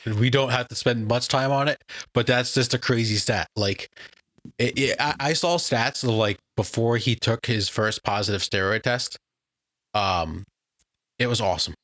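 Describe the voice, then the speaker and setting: Chill podcast dude in the middle pitch range, just chatting, dry close mic. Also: male voice, moderate pace, fairly bright tone, dry recording. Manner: easygoing, chatty, runs the segments. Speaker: podcast co-host. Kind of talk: casual chat.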